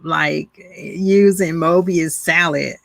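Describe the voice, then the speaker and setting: A woman's voice: deep voice, steady tone, slow, vocal fry, a bit bright, no echo. A woman co-hosting a podcast, chatting casually about a show, laughing often and acting out quotes from it. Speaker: podcast co-host. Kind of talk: casual review chat.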